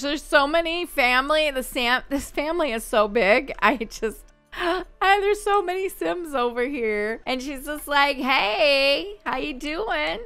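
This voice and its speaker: A woman's voice: a little high, pushed and bright, clean tone. A woman hosting a gaming video, chatting casually through her gameplay and exclaiming at what happens on screen.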